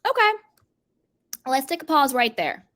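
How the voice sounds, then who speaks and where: A woman runs her own reality TV commentary vlog. Her voice sits somewhat high. She is blunt and scolding, and she hammers her points home by repeating them. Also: big pitch swings, a little slow, a bit bright. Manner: blunt, emphatic, scolding, speaks straight to the people she critiques. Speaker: commentary channel host.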